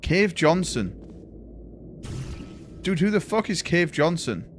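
A man's voice: fairly high pitch, sing-song, slow pace, slight background noise. A man casually chatting and swearing while streaming a video game, calling his viewers "boys" and thanking them.

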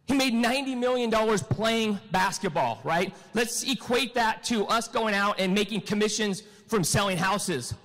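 High-voiced man telling a motivational story. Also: a bit bright. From California. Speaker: real estate team leader giving a motivational talk. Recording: long hall reverb.

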